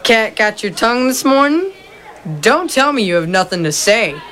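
A woman's voice: a little high, sing-song, normal speed, fairly bright tone. A woman voicing a taunting schoolboy bully in a cartoon, with a sneering, mocking manner.

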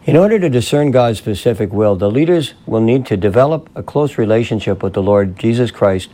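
A man reading a scripted radio devotional in a calm, measured way, citing scripture verses. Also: medium pitch. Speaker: radio ministry speaker.

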